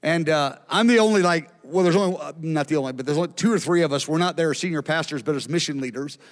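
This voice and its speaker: A man with a high voice preaches to a gathering, telling stories with animated energy and acting out the lines of the people in them. His voice rings with the long reverb of a large hall. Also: quick pace. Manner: animated storytelling, acts out quotes. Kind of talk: sermon.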